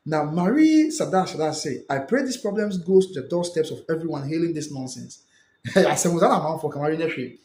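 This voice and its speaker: Lively Ghanaian man in an echoey room. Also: on the high side, fairly quick, slight background noise. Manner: mixes English with Twi, reacts and repeats phrases. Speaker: live stream host reading viewer comments. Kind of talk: casual live stream commentary.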